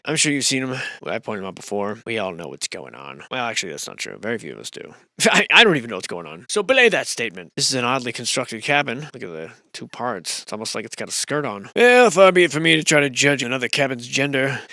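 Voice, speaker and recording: A man's voice: medium pitch, big pitch swings, fast talker, bright, forceful tone, dry recording, studio quality. A man narrating a photo survey with joking, rambling, sarcastic voice-over commentary.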